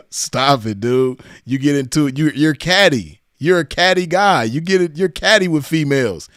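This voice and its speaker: A man's voice: on the high side, lively intonation, slow pace, fairly bright tone, dry recording, studio quality. A man from Los Angeles County with a Southern California accent, hosting casual reaction commentary in a mocking tone and laughing often. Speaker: commentary host reacting to clips.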